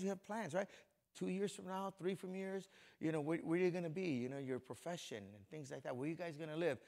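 Conversational preaching pastor, fairly high-voiced man. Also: creaky, a little mellow. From Compton, California. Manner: conversational preaching, talks directly to congregation members. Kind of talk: sermon.

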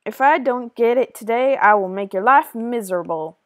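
Brief: woman playing a bullying Western rancher in a game, loud and menacing, dry close sound. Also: a little high, moderate pace, no echo, voice pushed up, close to an everyday voice. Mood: threatening. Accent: put-on American Western. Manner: loud, threatening, snorting.

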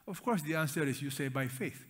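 Bright-voiced male pastor in a reverberant hall. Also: a little high, fairly quick. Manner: asks the congregation questions and has them read along; emphatic, repeats key words. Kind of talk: sermon. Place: church auditorium. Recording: long reverb of a large hall.

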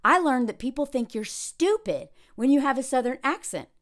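Woman vlogger reacting to reality TV, blunt and sarcastic; high, animated voice with big pitch swings. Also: normal speed. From US South. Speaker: reality TV commentator. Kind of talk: casual reaction commentary.

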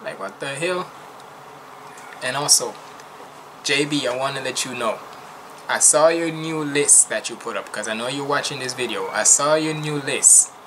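A man's voice: medium pitch, moderate pace, long pauses, noisy background. A man hosting a reaction channel, chatting casually in a loose, slangy way that often restarts mid-sentence.

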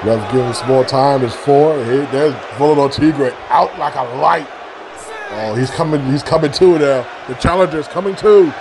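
Excitable high-voiced man calling wrestling. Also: moderate pace. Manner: excitable, builds to shouted outbursts at big moves; repeats phrases and restarts mid-call. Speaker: play-by-play commentator. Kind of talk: play-by-play commentary on a wrestling video game. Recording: loud game crowd and noise behind. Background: video game arena crowd noise.

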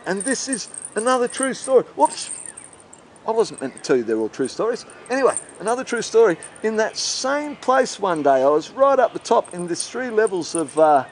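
A man tells crude, boastful stories in a high-pitched, rambling comic monologue. A faint hiss of noise sits under his voice. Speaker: comic storyteller.

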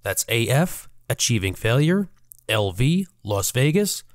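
A man hosting a podcast, giving the closing thanks and spelling out the contact address slowly and clearly. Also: medium pitch, sing-song, no echo, clean studio sound. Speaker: podcast host. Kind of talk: show outro.

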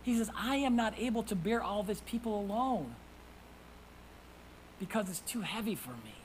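A man preaching a sermon as pastor. He reads scripture aloud, calls out to the congregation for responses, and swings from hushed whispers to loud emphasis. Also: high voice, animated, moderate pace, slight background noise, low-quality recording. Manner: reads scripture in old-fashioned wording.

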